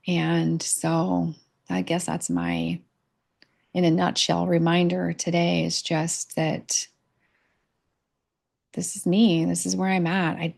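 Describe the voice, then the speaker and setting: A middle-aged woman talks to her camera in an unscripted personal vlog, unguarded and halting, pausing often and filling gaps with fillers. Her voice sits low and carries a gravelly edge. She gropes for words as she goes. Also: a little mellow. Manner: halting and candid, with many pauses and fillers. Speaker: vlogger sharing a personal reflection. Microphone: camera mic.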